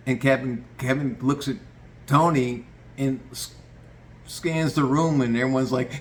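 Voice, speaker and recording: A man's voice: medium pitch, fairly even intonation, unhurried, slight background noise. A man telling a true story in a loose, rambling way, swearing casually and restarting his sentences.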